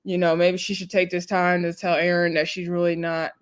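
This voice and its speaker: A woman's voice: fairly low pitch, flat delivery, a little fast, clean tone. A woman hosting a casual, chatty recap of a reality TV episode, talking in a laid-back way with laughing asides and lots of fillers.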